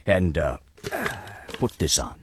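A man's voice: medium pitch, sing-song, unhurried, a bit bright, a little hiss or hum. A man playing a nervous palace servant who hesitates and stumbles over his words in a radio drama. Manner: hesitant, full of uh's.

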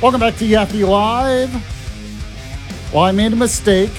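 A man's voice: sits high, steady tone, unhurried, over music. A man hosting a talk radio show, chatty and laughing often. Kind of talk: casual talk radio chat.

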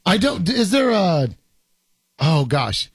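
A man hosts a laid-back podcast chat, his voice pitched high and swinging widely. He jokes and teases his co-hosts in animated banter, with a husky edge on a dry, close recording. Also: slow, no echo. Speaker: podcast host. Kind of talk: casual chat.

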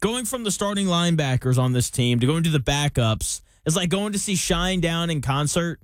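A man hosting a sports talk show breaks down a football roster in a loose, chatty way, throwing in joking comparisons. His voice sits a little high for a man. The sound is dry and close to the mic, with no room around it. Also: expressive, brisk, no room sound. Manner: chatty, jokey analogies, reads listener questions. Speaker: sports podcast host.

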